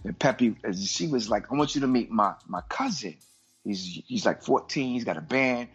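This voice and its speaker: A middle-aged man from Brooklyn, a guest on a casual podcast, telling lively stories and acting out the voices in them. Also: mid-range voice, normal speed, husky. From Brooklyn, New York. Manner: animated storyteller, acts out voices in anecdotes. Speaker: guest artist. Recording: muffled lo-fi audio with faint music.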